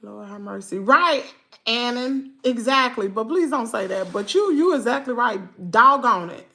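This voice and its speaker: With a high-leaning, animated voice that's bright, forceful, and touched by vocal fry, a Southern-accented woman from Mississippi talks to her livestream viewers at normal speed. She's chatty and exclamatory, then ends up scolding the chat.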